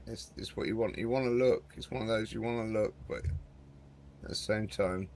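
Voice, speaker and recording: Brief: male gaming host, chatty and rambling, a creaky voice with faint background noise. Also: lowish voice, fairly even intonation, moderate pace. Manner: chatty and rambling, lots of "mate". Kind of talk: casual gameplay commentary.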